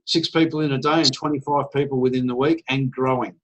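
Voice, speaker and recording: Over dull audio with a little hiss or hum, a man pitches persuasively on a video call for an online business meeting, his mid-range voice quick with fairly even intonation. He's eager and chatty and acts out phone chats.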